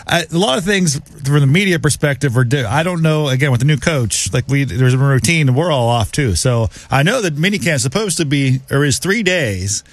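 Halting male football reporter. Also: mid-range voice, expressive, dry recording. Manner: halting, speculative, many restarts. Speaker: team beat reporter. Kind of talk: casual sports talk.

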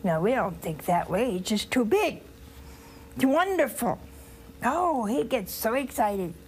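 An older woman, a nun, giving a slow, tender spiritual talk on a call-in program, dropping to a whisper on key phrases. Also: fairly high pitch, big pitch swings, a little hiss or hum. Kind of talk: spiritual teaching with phone calls.

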